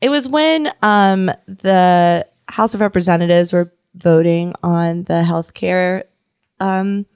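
A woman's voice: fairly low pitch, slow pace, a little mellow, clean tone, no echo. A young woman co-hosting a casual chat, talking candidly and thoughtfully, with some hesitation. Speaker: co-host.

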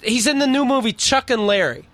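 A man's voice: very high voice, lively intonation, a little fast, a bit bright. A man hosting a casual talk show, teasing and rambling with jokes. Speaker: host. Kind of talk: casual chat.

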